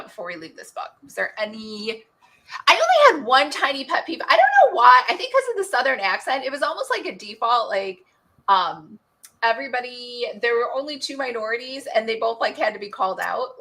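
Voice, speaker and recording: A woman hosting an online book club chat, talking casually and quickly, laughing often. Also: fairly high pitch, sharp tone.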